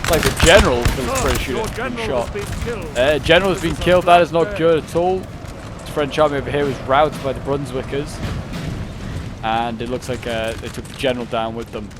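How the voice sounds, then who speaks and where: A man casually commentating a strategy-game battle, chatty and excitable with lots of fillers. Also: mid-range voice, a little fast, background noise. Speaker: gameplay commentator. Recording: loud gunfire and artillery from the game. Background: battle sounds, cannon and musket fire.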